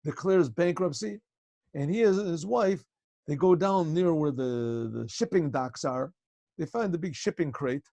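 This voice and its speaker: A male rabbi telling a story to a class over a video call, conversational and often clearing his throat. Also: on the high side, measured pace, mellow, no room sound.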